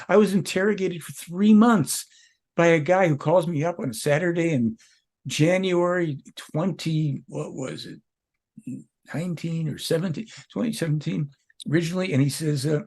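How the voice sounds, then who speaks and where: A man's voice: on the high side, normal speed, a little mellow. A man speaking as an interview guest, rambling and emphatic, jumping from point to point. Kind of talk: casual interview talk.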